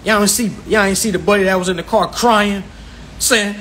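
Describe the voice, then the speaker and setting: A man's voice: high-pitched, fairly even intonation, normal speed, a bit bright, slight background noise. A man teaching viewers about credit in an informal, preachy lecture, swearing a lot for emphasis and repeating his points. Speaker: self-styled credit instructor.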